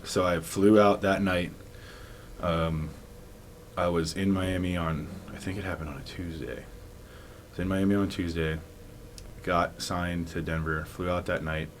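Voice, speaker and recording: A man's voice: rumbling low, a little hiss or hum. A young man, a former football player, casually recounting his career as a podcast guest, rambling with many likes and restarts and laughing often. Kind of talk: casual storytelling interview.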